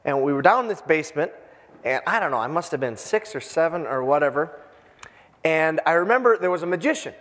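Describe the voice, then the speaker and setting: A man's voice: fairly high pitch, lively intonation, fairly quick, a bit bright, big-room sound. A middle-aged man from Minnesota giving an informal sermon as a pastor, rambling and self-deprecating with many fillers. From Minnesota, USA.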